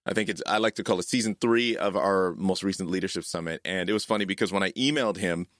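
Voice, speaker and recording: Deep-voiced male podcast host, dry sound. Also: fast, a bit bright, no echo. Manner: chatty, laughs often. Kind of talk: casual podcast chat.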